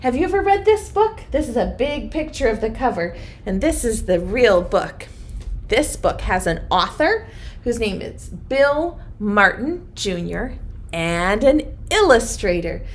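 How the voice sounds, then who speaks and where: A young woman teaching preschoolers in an online circle time, chanting a picture-book rhyme in a sing-song way. Her voice sits a little high and she takes it slowly, stretching each line out for small children. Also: big pitch swings.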